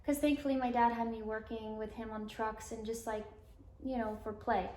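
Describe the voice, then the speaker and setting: A woman in her twenties, raised in Alabama, tells her life story as an interview guest. She rambles, fills her speech with "like" and acts out the dialogue she quotes. Her voice sits fairly high, and the room around her echoes. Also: flat delivery, moderate pace, darkish tone, a little hiss or hum. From Alabama, US South.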